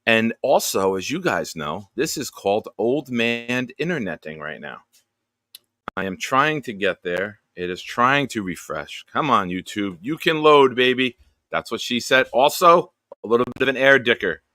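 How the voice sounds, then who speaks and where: A man's voice: medium pitch, animated, normal speed, sharp tone, dry recording, studio quality. A man hosting a live stream, chatting casually and greeting viewers by name in an upbeat, rambling way.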